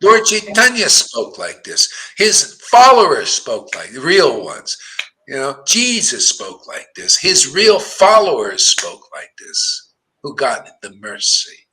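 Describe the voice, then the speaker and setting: A man's voice: on the high side, wildly swooping pitch, slow pace, pushed and bright, rough recording. A man giving an emphatic, blunt devotional sermon as a spiritual teacher.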